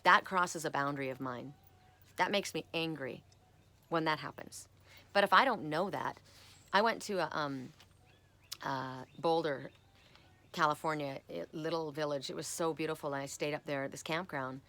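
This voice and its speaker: A woman's voice: low-pitched, moderate pace, pushed and bright. A middle-aged woman giving a casual, chatty spiritual talk as an oracle card reader, telling stories and often repeating words. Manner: chatty, storytelling, repeats words when worked up.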